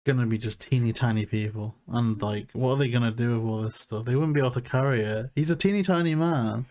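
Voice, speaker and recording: A man's voice: medium pitch, quick pace, a little mellow. A man co-hosting a podcast, chatting casually and joking about his family while reviewing a cartoon episode. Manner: chatty, self-deprecating humour. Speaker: podcast co-host.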